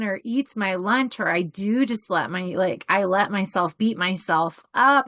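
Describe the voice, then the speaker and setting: A woman co-hosting a podcast, talking in a candid, animated way and laughing often. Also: lowish voice, no echo, studio quality. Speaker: podcast co-host. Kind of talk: casual podcast conversation.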